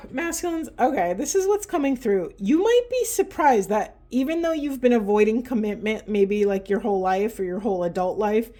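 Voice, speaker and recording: Mellow-voiced woman giving an oracle reading. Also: fairly high pitch, lively intonation, moderate pace, hardly any pauses. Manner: earnest, impassioned, urging. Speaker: spiritual tarot reader. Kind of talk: oracle card reading to camera.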